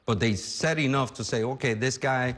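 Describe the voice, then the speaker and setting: A man talks politics on a studio panel in a blunt, emphatic way. He rambles, breaks off mid-thought and circles back, with his voice sitting at an ordinary middle pitch. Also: moderate pace, fairly bright tone. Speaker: political commentator.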